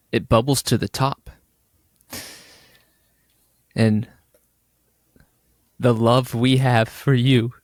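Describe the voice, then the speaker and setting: Male co-host, unhurried, earnest mock-sincere sign-off, dry close sound. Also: mid-range voice, no room sound. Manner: slow, earnest, mock-sentimental. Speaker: podcast co-host. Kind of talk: casual podcast chat.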